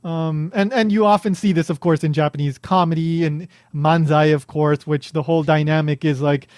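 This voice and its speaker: Man hosting a podcast, slightly high voice, chatty and rambling, dry close sound. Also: steady tone, normal speed, a little mellow, no echo. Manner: chatty, explains with many fillers and restarts. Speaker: podcast host. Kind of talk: casual podcast chat.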